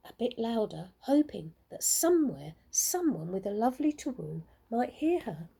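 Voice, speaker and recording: In a gravelly, slightly rough medium-pitched voice, a woman teacher reads a picture book aloud to children, taking it slowly and expressively like a storyteller.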